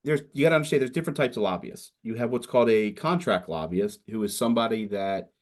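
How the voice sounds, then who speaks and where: Low-voiced middle-aged man, rambling. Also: quick pace. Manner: rambling, conversational, frequent "you know". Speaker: state senator, guest speaker. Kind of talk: casual talk to students.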